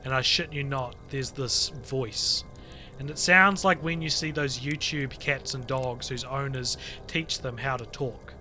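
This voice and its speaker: A man on a podcast reading a creepy internet story aloud to friends, lively and full of swearing. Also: mid-range voice, a little slow, soft background music. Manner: animated storyteller, swears freely, breaks off to chat. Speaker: podcast co-host reading stories.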